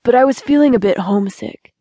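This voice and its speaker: A woman reading an audiobook voices a relaxed young male snowboarder with an easygoing, friendly manner. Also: on the high side, fast, dry recording, clean studio sound, lightly acted. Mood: wistful.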